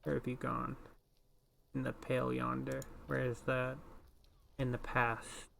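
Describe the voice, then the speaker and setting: A man voicing a bitter, sneering hanged corpse in a video game, in a flat, quiet delivery. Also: medium pitch, unhurried, gravelly, slight background noise.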